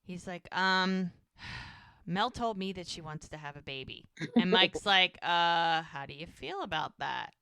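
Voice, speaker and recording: A middle-aged woman chats casually on a podcast, walking through scenes and putting on quick voices for each character. Her voice is smooth and clear. It is recorded close and dry. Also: fairly low pitch, lively intonation, bright, forceful tone, no echo. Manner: retells scenes acting out characters' lines. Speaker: podcast co-host. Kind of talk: casual recap chat.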